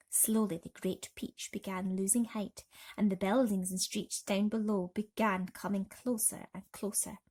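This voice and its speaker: A woman reading a bedtime story aloud, gentle and soothing. She takes her time, with a slow and unhurried pace. Her pitch sits in a middle range. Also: fairly even intonation.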